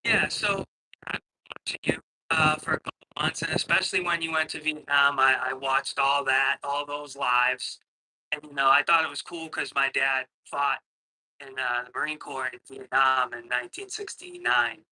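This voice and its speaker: Middle-aged man, caller on a computer mic, rambling and hesitant, swears a lot, very bright and sharp tone. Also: mid-range voice, steady tone, moderate pace, rough recording. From Boston, Massachusetts. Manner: rambling, hesitant, profane ranting. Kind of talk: casual call-in chat. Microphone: computer microphone.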